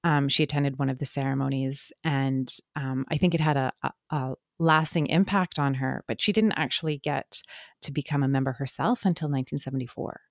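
Low voiced woman cohost, thinks out loud, lots of ums, dry sound. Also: a little fast, dry recording. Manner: thoughtful, hesitant with many fillers. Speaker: podcast co-host. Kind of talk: casual chat.

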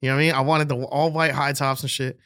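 A man's voice: mid-range voice, level tone, fast talker, pushed and bright, dry recording, studio quality. A young man from the Bronx with a New York accent, chatting casually as a guest, slangy and profane, laughing often. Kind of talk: casual chat.

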